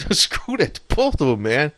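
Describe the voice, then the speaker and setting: A man's voice: a little high, huge pitch swings, takes it slowly, a bit bright, no room sound, studio quality. A man in a rambling, profane casual monologue, laughing often and talking with loose scorn. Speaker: political commentator.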